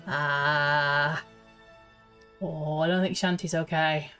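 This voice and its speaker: A woman's voice: sits low, fairly even intonation, slow, pushed and bright, clear, resonant tone, soft background music. A woman streamer casually thinking aloud and giggling as she plays through a game quest. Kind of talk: casual gameplay commentary.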